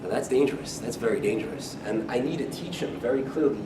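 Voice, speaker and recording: A man teaching a Talmud class as a rabbi, talking in a conversational way and often repeating or restarting his phrases. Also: fast. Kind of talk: lecture-style Talmud class. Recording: echoey room, speaker far from mic, faint rumble.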